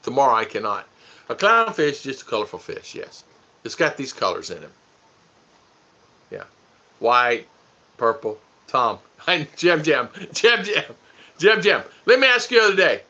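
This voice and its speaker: Bright-voiced goofy man on a livestream. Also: medium pitch, very animated, unhurried, pauses often. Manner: goofy, teasing, laughs often. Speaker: livestream host reading viewer comments. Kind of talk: casual livestream chat. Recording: dull lo-fi stream audio.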